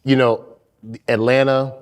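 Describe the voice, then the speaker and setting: A man's voice: medium pitch, little pitch movement, a little slow, smooth. A man from Los Angeles co-hosting a casual chat, speaking in a playful, eager way and laughing along. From Los Angeles, United States. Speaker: podcast co-host.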